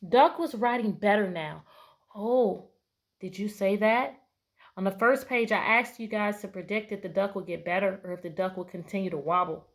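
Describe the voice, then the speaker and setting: A woman's voice: mid-range voice, moderate pace. A woman teacher reading a picture book aloud to her class, patiently asking prediction questions between pages. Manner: bright, playful voices for story animals.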